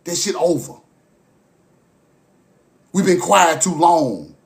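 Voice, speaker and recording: A man delivers a passionate, profane monologue straight to his listeners. His voice sits high, and he keeps circling back to the same phrases. He moves from forceful outbursts to low, muttered stretches. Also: lively intonation, slow pace, vocal fry. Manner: forceful, repetitive, profane, swings from loud to low. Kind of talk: impassioned monologue to camera.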